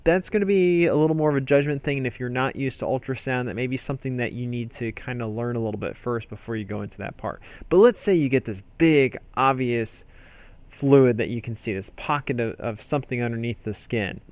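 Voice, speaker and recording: A man who works as an emergency doctor walks through a medical procedure, talking it out casually with fillers and false starts. His mid-range voice is a little mellow and a little fast, with no room sound.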